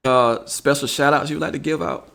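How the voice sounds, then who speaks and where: A man's voice: on the high side, fairly even intonation, moderate pace, gravelly, a bit bright. A male radio host interviewing a guest, mostly brief replies and upbeat event plugs.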